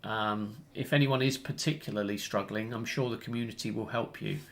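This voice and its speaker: A man's voice: fairly low pitch, fairly even intonation, a little fast. A man hosting a casual online community update, rambling and correcting himself as he explains the steps.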